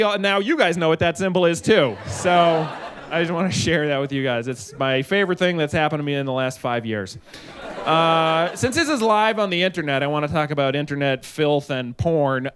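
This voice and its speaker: A man in his forties doing a live stand-up set on a stage, rambling loosely and jumping into shrill acted quotes. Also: fairly bright tone, clear, resonant tone. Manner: loose, rambling delivery with sudden high-pitched acted quotes. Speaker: stand-up comedian. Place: stage at a live comedy show.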